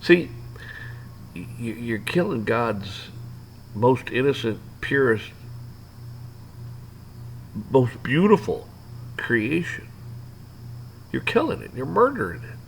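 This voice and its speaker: Gravelly guy ranting, swears a lot, keeps restarting and rambling. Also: mid-range voice, big pitch swings, slow pace, pauses often, slight background noise, low-quality recording. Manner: rambling, profane, many restarts and fillers. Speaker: vlogger ranting to camera. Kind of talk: off-the-cuff rant.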